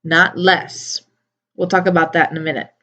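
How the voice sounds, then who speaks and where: A woman teaching English to adult learners, repeating each word slowly and clearly, with small playful asides. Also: on the low side, steady tone, a bit bright. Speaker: ESOL teacher. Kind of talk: slow, clearly enunciated classroom teaching. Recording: slightly dull lo-fi recording.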